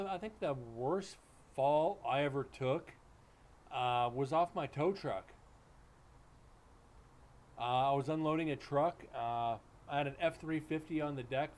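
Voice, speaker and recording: A man hosting a livestream, telling stories in a loose, blunt, joking way. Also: medium pitch. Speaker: livestream host. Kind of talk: casual storytelling chat. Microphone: streaming setup mic.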